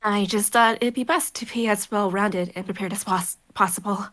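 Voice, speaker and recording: A woman's voice: mid-range voice, fairly even intonation, moderate pace, a bit bright, natural voice. Woman playing an earnest young apprentice mage. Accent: put-on British. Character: young female mage's apprentice, earnest and wary.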